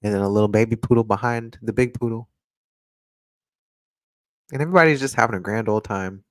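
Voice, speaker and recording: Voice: medium pitch, a little fast, no room sound. A person giving casual astrology and tarot readings on a live stream, chatty and playful, talking close to a microphone. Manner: playful, chatty, laughs often. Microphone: desk microphone, close.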